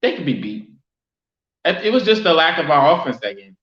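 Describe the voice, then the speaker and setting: A man hosting a casual sports fan live stream, chatting loosely and giving viewers shout-outs. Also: on the high side, very animated, brisk. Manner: casual, reads and answers chat shout-outs. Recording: roomy, dull lo-fi sound.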